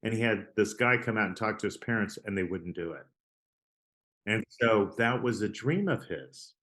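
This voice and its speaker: A man's voice: lowish voice, animated, normal speed, a bit bright. A man, an artist guest on an interview podcast, telling stories in a chatty, rambling way, often checking in with "right?". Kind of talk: casual storytelling interview.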